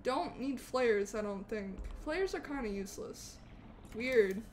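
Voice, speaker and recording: A young woman streaming a game live, chatting with viewers in a bubbly, animated way and eagerly thanking them. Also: on the high side, a little slow, a little hiss or hum. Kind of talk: live gameplay stream chat.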